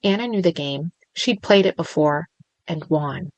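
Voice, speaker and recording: A woman reading a thriller audiobook in a measured, steady narration. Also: fairly low pitch, no echo, dull audio.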